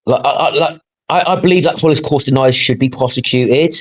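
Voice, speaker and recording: A man's voice: mid-range voice, fairly quick. Annoyed host guy ranting and cursing, kinda dull muffled audio. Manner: exasperated, sarcastic, swears often, rants. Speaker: podcast host. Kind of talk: heated reaction commentary.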